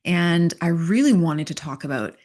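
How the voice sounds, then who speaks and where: A woman's voice: lowish voice, expressive, normal speed, a little mellow. A middle-aged woman hosting a solo motivational podcast, talking in an earnest, emphatic coaching tone. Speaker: podcast host.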